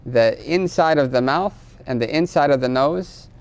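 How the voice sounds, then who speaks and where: A man's voice: on the high side, moderate pace, clean tone. A man teaching a class on religious law, explaining patiently, quizzing his students and ending phrases with a questioning "right?". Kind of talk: classroom lecture.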